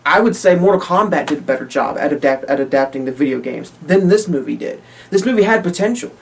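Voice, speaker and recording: A man's voice: on the high side, animated, fast, slight background noise. A man giving a casual spoken movie review, ranting in exasperation, repeating himself, swearing often and laughing between points. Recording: voice a little far from the mic.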